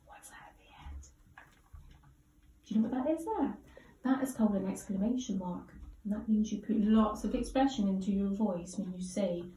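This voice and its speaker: A woman with an English accent teaching a child to read, encouraging, and slowing down to read lines with lots of expression. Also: medium pitch. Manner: encouraging, slow and expressive when modelling sentences. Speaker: primary school teacher. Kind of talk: guided reading lesson with a child. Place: school classroom. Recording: roomy classroom with faint background hiss.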